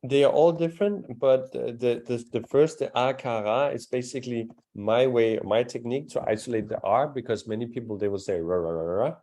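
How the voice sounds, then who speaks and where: A male language teacher runs a live class with a mellow, warm voice. He speaks patiently, demonstrating sounds one by one and praising his students' attempts. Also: medium pitch, fairly quick, hardly any pauses.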